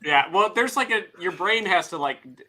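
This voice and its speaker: A man's voice: sits high, lively intonation, moderate pace, pushed and bright. A man from Canada chatting casually as a podcast host, joking crudely and swearing. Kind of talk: casual chat.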